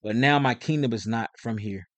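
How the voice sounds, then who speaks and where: A man voicing a calm, solemn teacher on trial, speaking quietly and measuredly. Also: medium pitch, normal speed, no room sound, natural voice.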